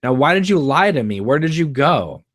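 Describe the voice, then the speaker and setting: A man's voice: a little high, sing-song, normal speed, pitched above the performer's own voice. A man reading a screenplay aloud live and voicing a caring middle-aged mother. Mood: confronting. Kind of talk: live screenplay read-through.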